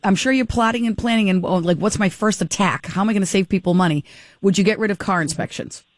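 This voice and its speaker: A man's voice: high voice, quick pace, no room sound, studio quality. A man questioning a candidate in a pressing, conversational way. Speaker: radio host interviewing. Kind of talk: pointed interview questions.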